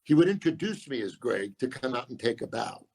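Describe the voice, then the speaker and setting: Gravelly older guy spinning deadpan stories, voice swoops all over. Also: medium pitch. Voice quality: gravelly, husky. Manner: deadpan storyteller doing quick voices of others. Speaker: guest comedian. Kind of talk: casual storytelling chat.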